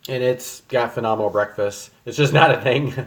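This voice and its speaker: A young man's mid-range voice, at a moderate pace, rambles through casual livestream chatter with viewers as he cooks at home, peppered with many ums.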